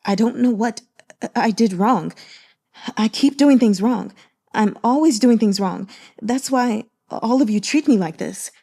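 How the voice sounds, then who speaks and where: A woman reading the part of a broken young man with a damaged mind, speaking in halting, stammering short sentences while choked up and near tears. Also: high voice, vocal fry, a little mellow, heavily acted. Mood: pleading.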